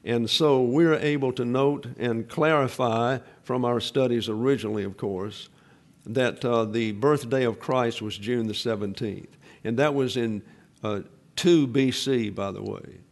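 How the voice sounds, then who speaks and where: A man's voice: medium pitch, a little slow. Methodical male preacher teaching scripture. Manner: methodical, explains Greek grammar step by step, repeats points. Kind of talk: Bible teaching sermon.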